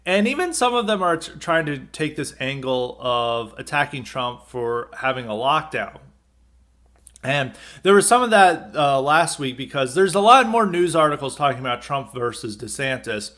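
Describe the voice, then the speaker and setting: A man's voice: medium pitch, animated, normal speed, fairly bright tone. A man hosting a podcast, delivering an unscripted political commentary monologue in a loose, conversational way with wry chuckles. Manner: loose and conversational, frequent filler words and restarts, wry chuckles. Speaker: podcast host.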